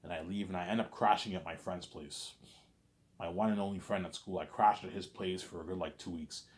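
A young man with a very low voice rambles through a casual story, circling back with the same filler phrases. His delivery is loose and unhurried. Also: fairly even intonation. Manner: rambling, repeats "you know what I'm saying".

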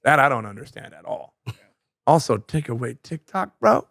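A man's voice: medium pitch, moderate pace, vocal fry, dry recording, studio quality. Blunt, swearing man podcast host. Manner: blunt, swears freely, animated storyteller. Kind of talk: casual chat. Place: podcast studio.

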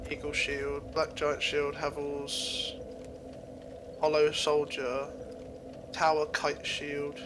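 Co-op gamer, man, higher voice, easygoing, game noise and ambience behind. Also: monotone, takes it slowly, long pauses. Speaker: co-op player. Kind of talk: casual co-op gaming chat.

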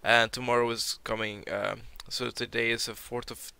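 A young man who is sick gives casual game commentary with a gravelly, bright, crisp voice. He reads out loot drops and curses when something surprises him. He is recorded close and dry on a home mic. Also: mid-range voice, little pitch movement, normal speed, dry recording. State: sick, sounding a bit off. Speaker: gaming video creator.

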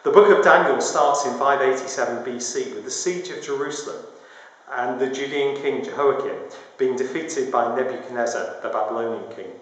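Male preacher, mid-pitched, measured teaching, heavy hall reverb. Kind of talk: sermon. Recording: very echoey hall with long reverb.

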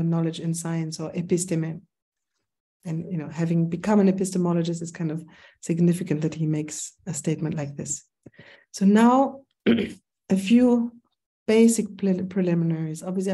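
A woman with a German accent lectures in an online philosophy seminar. Her voice sits a little low and sounds soft and mellow. She talks thoughtfully, wandering into asides and pausing on ums. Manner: thoughtful, digressive, with frequent ums. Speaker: seminar instructor.

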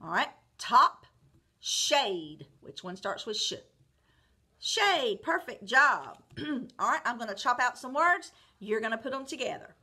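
A woman teaching a phonics lesson to young children, slowly modeling sounds and words and giving encouraging praise. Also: fairly high pitch, sing-song, sharp tone. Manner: clear, encouraging, drawn-out word modeling with praise.

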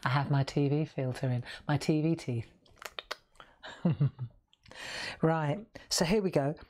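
Brief: woman, middle-aged, lowish voice, chatty live craft host who jokes and sings bits. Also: slow, warm tone, slight background noise. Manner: chatty, playful, sings snippets and jokes with viewers. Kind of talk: live craft stream chat.

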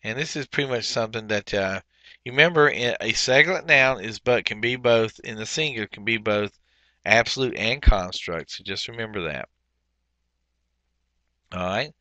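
A man's voice: fairly low pitch, moderate pace, pushed and bright, dry recording, dull audio. A man teaching a language workbook lesson, explaining step by step with frequent fillers. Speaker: Hebrew teacher.

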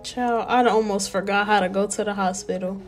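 A young woman giving casual, animated let's-play commentary and talking straight to her viewers. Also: mid-range voice, a little fast, faint music behind. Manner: chatty, animated, talks to viewers as y'all. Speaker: gameplay narrator.

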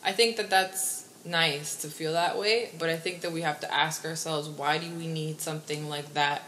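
A woman's voice: deep voice, steady tone, normal speed, a bit bright, a little hiss or hum. A young woman guest in casual podcast chat, frank and reflective, talking in long reasoned sentences.

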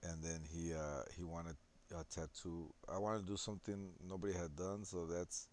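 A man's voice: low voice, level tone, moderate pace, a little mellow, slight background noise. A young man who works as a tattoo artist, talking in a rambling, laid-back way with slang. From El Paso, Texas. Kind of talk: casual narration over photos.

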